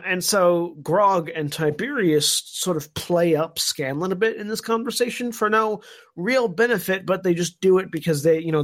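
Brief: male podcast co-host, slightly high voice, meandering recap with lots of ums. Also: fairly bright tone. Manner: thoughtful, recaps at length with many fillers. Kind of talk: casual podcast discussion.

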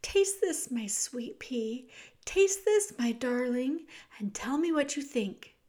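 A woman voicing a tender queen mother who speaks in a soft, coaxing way. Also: high-pitched, lively intonation, slow pace.

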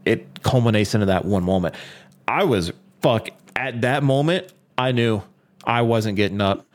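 Excitable, cursing man talking games. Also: on the low side, moderate pace. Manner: excitable, swears freely, voice jumps when worked up. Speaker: podcast co-host. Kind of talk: casual gaming chat.

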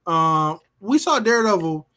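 A man's voice: sits high, animated, normal speed, bright, forceful tone. A man co-hosting a podcast, talking in emphatic, profane, slangy casual banter. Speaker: podcast co-host.

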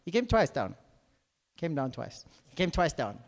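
A man's voice: a little high, big pitch swings, normal speed. A man preaching a sermon, acting out scripture characters and asking the audience to follow. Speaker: pastor. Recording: reverberant hall.

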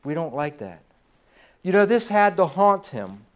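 Preacher, male, high-pitched, slightly hoarse, emphatic sermon delivery with trailing pauses. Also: very animated. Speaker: pastor.

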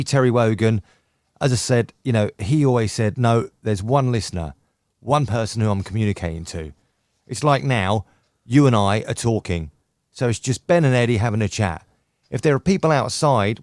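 A middle-aged radio presenter from the United Kingdom chats enthusiastically as a podcast guest, telling stories with many restarts in casual conversation. His medium-pitched voice is a little mellow. The sound is clean studio audio with no echo.

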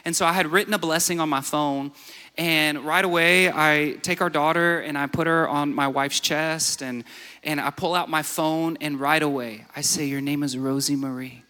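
Young male preacher, higher voice, sermon in a big echoing hall, storytelling turning emphatic. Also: steady tone, normal speed, sharp tone. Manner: storytelling, builds to emphatic exhortation. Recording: reverberant hall.

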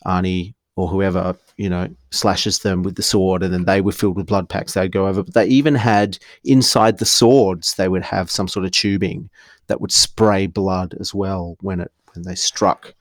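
A man co-hosting a casual film podcast, easygoing and quick to laugh. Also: deep voice, fairly even intonation, no echo, clean studio sound. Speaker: podcast co-host.

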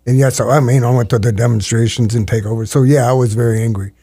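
An older man with an average-pitched voice speaks earnestly, circling back and restarting his thoughts as he reflects. He is a storyteller being interviewed in a studio. The sound is close and dry, with no room echo. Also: fairly even intonation, dark tone. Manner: earnest, halting, with many restarts.

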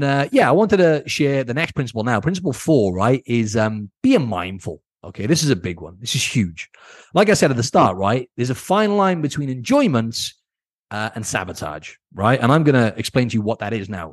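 A man's voice: mid-range voice, very animated, normal speed, no room sound, studio quality. A man hosting his own podcast as a coach, giving blunt, casual advice and often checking in with "right?". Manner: blunt, casual, keeps asking "right?", swears. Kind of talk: solo podcast advice talk.

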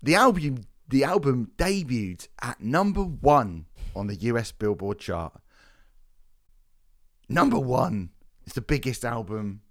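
A man's voice: medium pitch, expressive, slow pace, no room sound. A man co-hosting a podcast, reading reviews aloud with dry, sardonic asides and swearing. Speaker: podcast co-host.

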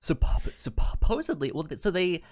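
A podcast co-host with a fairly high, slightly mellow voice and big pitch swings chats at a moderate pace, rambling casually, often restarting words and laughing. The recording is dry and studio quality.

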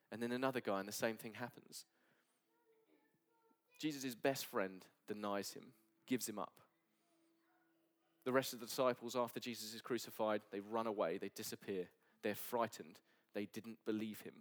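An earnest male pastor delivering a sermon at a church service. His voice sits low and now and then falls to a soft near-whisper. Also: fairly even intonation, moderate pace.

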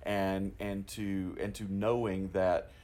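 Male podcast host, lower voice, halting delivery with many restarts. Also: little pitch movement, darkish tone. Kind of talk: podcast interview.

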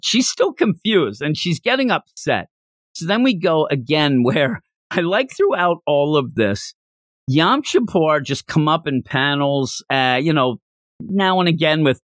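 A man's voice: fairly high pitch, a little slow, no room sound. A man hosting a manga podcast, talking casually and rambling while acting out lines. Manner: rambling, animated, acts out quotes. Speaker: podcast host.

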